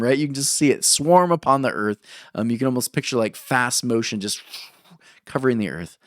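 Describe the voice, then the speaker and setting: A male pastor delivers a sermon in a lively, conversational way. He keeps checking in with the listeners by asking "right?" after his points. His voice sits at a medium pitch and sounds close and dry. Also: brisk, no echo. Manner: animated preaching, frequent "right?" asides.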